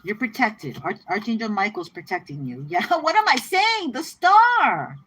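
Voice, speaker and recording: A woman giving a casual tarot reading to her viewers, chatty and excitable, often repeating herself and laughing. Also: on the high side, a little slow, a little hiss or hum, low-quality recording. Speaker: tarot reader.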